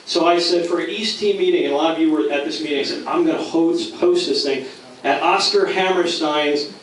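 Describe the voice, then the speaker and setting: Man, middle-aged, from Philadelphia, playful self-mocking storyteller, slightly high voice, distant mic. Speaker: speaker at a company dinner. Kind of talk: storytelling speech. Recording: distant, very echoey, noisy room mic.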